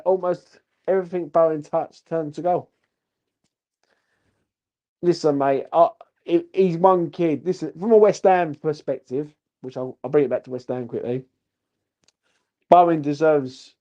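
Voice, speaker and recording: A drunk man rambles through his post-match football vlog, swearing freely and asking "you know what I mean" again and again. His voice sits a little high but sounds dark and mellow. The recording is slightly dull and lo-fi. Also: measured pace, long pauses. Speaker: football fan channel host.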